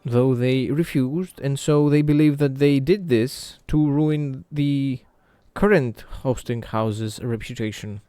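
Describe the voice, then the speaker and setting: Slow, measured game master man. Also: medium pitch, mellow, clean tone. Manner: slow, measured narration with filler pauses. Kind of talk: narrating a tabletop game.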